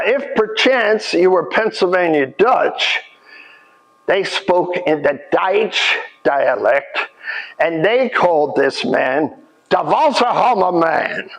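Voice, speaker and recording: A man working as a living history interpreter, giving a folksy, animated storytelling lesson at a historic forge site. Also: a little high, creaky, poor audio.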